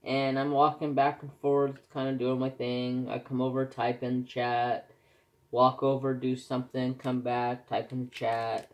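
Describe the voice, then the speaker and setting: A man's voice: medium pitch, completely flat delivery, unhurried. A man chatting casually in his craft vlog, telling anecdotes animatedly. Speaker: craft vlogger. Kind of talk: casual chat while crafting.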